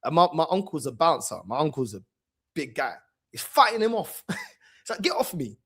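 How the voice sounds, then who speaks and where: A man's voice: a little high, sing-song, moderate pace, fairly bright tone, husky. A man hosting a football channel, telling a story in a casual, slangy way and repeating phrases for emphasis.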